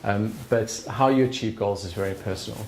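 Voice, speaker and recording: A man's voice: lowish voice, a little fast, a little mellow, a little hiss or hum. A middle-aged man giving an earnest, conversational talk at an evening event in a bar's function room. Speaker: speaker. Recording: roomy live venue sound.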